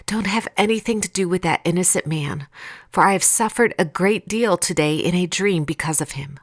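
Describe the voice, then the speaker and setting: A woman voicing the worried wife of a Roman governor, giving a hurried, urgent warning. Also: lowish voice, no echo, studio quality.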